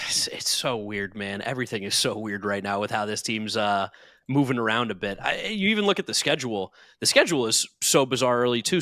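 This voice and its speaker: A man co-hosting a podcast, joking and chiming in quickly. His voice is bright and a bit tense, and he talks fast. The recording is close and dry. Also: mid-range voice, no echo. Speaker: podcast co-host. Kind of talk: casual chat.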